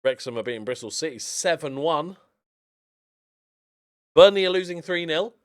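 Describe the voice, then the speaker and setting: A video game streamer offers chatty let's-play commentary on a football management game, cheering his team as the matches unfold. His voice is fairly high and expressive at a moderate pace, recorded on a desk microphone.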